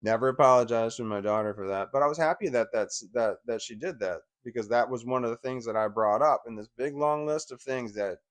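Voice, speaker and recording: A man's voice: mid-range voice, fairly quick, few pauses. A man in his forties giving an angry, profane personal rant, often stumbling and restarting his sentences. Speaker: vlogger.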